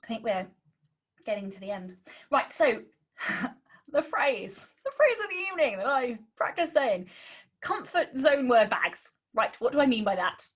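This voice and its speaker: British woman, webinar writing instructor, higher voice, sarcastic, cheeky, heavy on ums. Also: very animated, normal speed, fairly bright tone, breathy edge. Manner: says um a lot. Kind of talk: webinar lesson.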